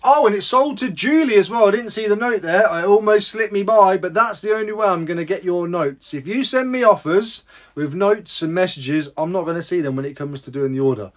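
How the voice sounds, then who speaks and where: Chatty reseller, rambling and upbeat. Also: male voice, high-pitched, fairly quick. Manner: chatty, rambling, self-deprecating asides. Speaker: reseller vlogger. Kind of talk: casual vlog chat.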